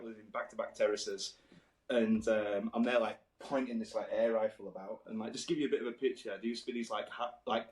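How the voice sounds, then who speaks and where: A man's voice: on the low side, echoey room, rough recording. A man, telling stories casually on a podcast, rambling with lots of "like" and swearing. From Halifax, England. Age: 30s. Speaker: podcast host. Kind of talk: casual storytelling chat.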